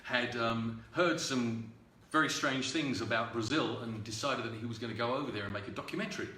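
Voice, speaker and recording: A man, a singer-songwriter, telling a halting, unhurried story full of ums and uhs before a song at a livestreamed home concert. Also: mid-range voice, pushed and bright, reverberant, recorded from a distance.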